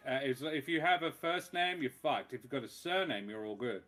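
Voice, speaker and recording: A man's voice: medium pitch, animated, moderate pace, a bit bright, soft background music. A man, a tabletop game player, chatting casually before a session, rambling and joking and laughing often. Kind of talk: casual pre-game chat.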